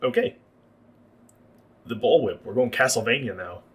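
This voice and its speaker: A man's voice: mid-range voice, moderate pace, slight background noise. A man narrating as game master for a livestreamed tabletop game, explaining the rules at length.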